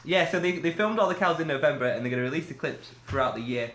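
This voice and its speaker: A man's voice: a little high, lively intonation, quick pace, fairly bright tone. A man co-hosting a casual podcast, chatty and giggling as he tells stories. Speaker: podcast co-host. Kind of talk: casual chat. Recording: echoey room with faint noise.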